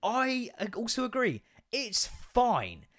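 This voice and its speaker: A man's voice: extremely high pitch, huge pitch swings, slow, a bit bright. An English man hosting a podcast, ranting casually, swearing a lot and laughing often. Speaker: podcast host. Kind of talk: casual comedic rant.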